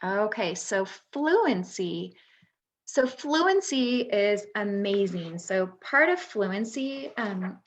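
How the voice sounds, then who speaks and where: A woman and former teacher presenting a workshop for parents, explaining things patiently with frequent pauses. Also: mid-range voice, highs cut off.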